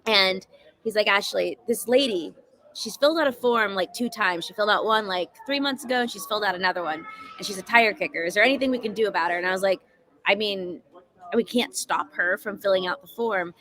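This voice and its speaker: A woman guest in a casual chat, telling stories in a relaxed way with drawn-out fillers. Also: mid-range voice.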